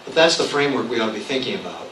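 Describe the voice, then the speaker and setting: A man answering as a candidate in a public debate, measured and assertive. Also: medium pitch, sing-song, a bit bright. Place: public hall. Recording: echoey room from far off, faint noise.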